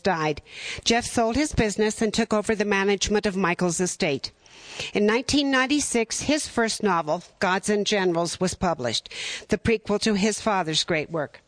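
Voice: medium pitch, no echo. A bookstore host reading a formal prepared introduction of an author. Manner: formal, scripted.

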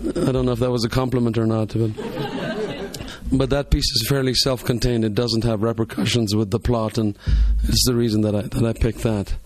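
A man, an author, speaking hesitantly and apologetically at a live reading, his voice failing as he clears his throat. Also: mid-range voice, level tone, a little fast, a little mellow. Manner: apologetic, hesitant, repeats words. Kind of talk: remarks at a live book reading.

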